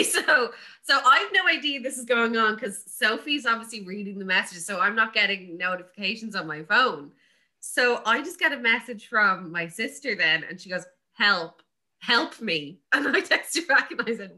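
A young woman co-hosting a podcast, telling stories in a giggly, animated way. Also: on the high side, moderate pace. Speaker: podcast co-host. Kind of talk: casual chat.

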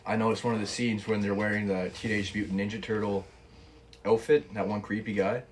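A man's voice: on the low side, steady tone, a little fast, background noise. A young man hosting a casual podcast chat, laid-back, swearing freely and laughing often. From Canada. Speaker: podcast host.

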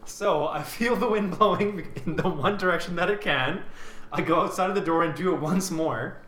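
A man's voice: high-pitched, moderate pace, a bit bright, roomy sound. A man taking part as a player in a tabletop role-play, playful and a bit hesitant. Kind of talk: tabletop game play, casual.

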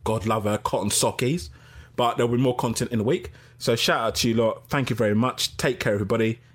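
A middle-aged man hosting a casual live-stream podcast, reading out chat and giving shout-outs. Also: mid-range voice, steady tone, a little fast, breathy edge. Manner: chatty, gives shout-outs, laughs easily.

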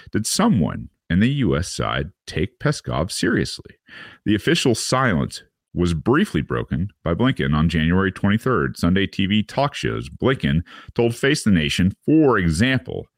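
A man's voice: sits low, creaky, no room sound, clean studio sound. A man reading a news article aloud and adding sardonic asides, with repeated words and fillers. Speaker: podcast host reading and commenting on a news article. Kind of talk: casual commentary with read-aloud passages.

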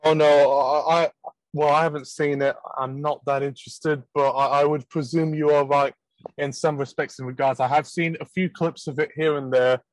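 A man's voice: on the high side, little pitch movement, moderate pace, no echo, rough recording. A British man co-hosting a casual chat, rambling and joking, now and then slipping into mock accents. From Britain. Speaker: podcast co-host.

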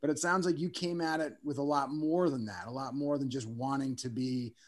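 A man's voice: mid-range voice, steady tone, fairly quick. A man hosting a casual interview, asking probing, conversational questions. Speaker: podcast host.

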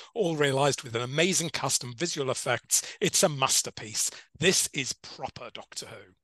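A man's voice: on the high side, bright, forceful tone, no room sound. A man co-hosting a podcast, reading listener reviews aloud with dry, teasing remarks. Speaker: podcast co-host.

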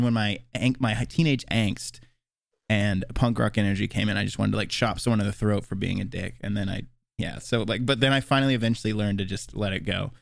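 A young man streamer chatting in casual conversation, relaxed and reflective, with filler words. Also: lowish voice, creaky, no room sound, clean studio sound. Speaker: Twitch streamer.

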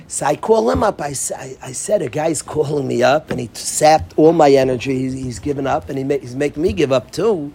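A man giving an informal talk to dorm counselors, animated, acting out quoted voices and often restarting his sentences. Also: a little high, gravelly, slight background noise. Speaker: yeshiva speaker addressing dorm counselors.

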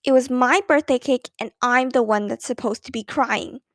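Lady doing a cross older-sister girl voice, high and earnest, dry sound. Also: animated, a little fast, vocal fry, no room sound. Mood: angry. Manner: earnest, easily indignant.

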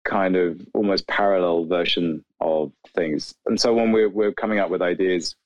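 A man, a video creator, talking casually in an interview with many "like" fillers and animated asides. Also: low-pitched, normal speed, dry recording, dull audio. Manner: rambling, animated, lots of "like" fillers.

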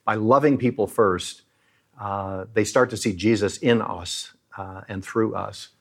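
Earnest, low-voiced man, preacherly. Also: unhurried. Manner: earnest, preacherly, tells moving stories. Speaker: leader at a Christian aid charity. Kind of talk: earnest interview talk.

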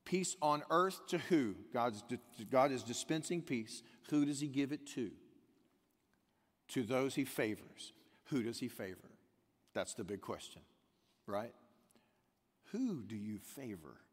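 Male pastor, sermon delivery, rhetorical questions, loud-to-hushed swings, unhurried, reverberant sanctuary sound. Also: medium pitch, animated, breathy edge. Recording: long hall reverb.

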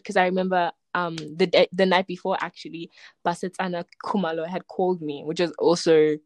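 A woman's voice: fairly low pitch, brisk, dry recording. A young woman, a poet telling her story in a casual interview and acting out the people she quotes. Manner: animated, acts out quoted voices, frequent "like" and laughter.

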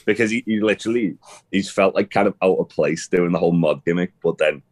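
A young man with a very low, deep voice talks casually as a co-host. He wanders through his points with lots of fillers, false starts and the odd swear word. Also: fast. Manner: rambling, many restarts and fillers, swears casually. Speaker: podcast co-host. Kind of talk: casual chat about wrestling.

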